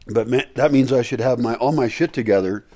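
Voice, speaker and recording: With a candy slightly muffling his speech, a man vlogs casually to his camera inside a house before sunrise, thinking aloud in a rambling way packed with fillers. He has a warm, mid-range voice and speaks a little quickly.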